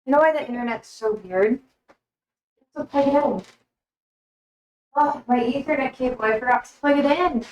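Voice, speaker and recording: A woman's voice: sits high, normal speed, long pauses, lo-fi sound. A young woman livestreaming from her kitchen, chatting casually and rambling between talk to her pets. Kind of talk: casual chat while cooking.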